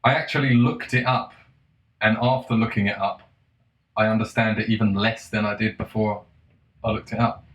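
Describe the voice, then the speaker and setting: A man's voice: fairly low pitch, steady tone, normal speed, pauses often, a bit bright, echoey room, poor audio. A man ranting in a casual monologue, exasperated and sarcastic, swearing and laughing between points. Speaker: vlogger.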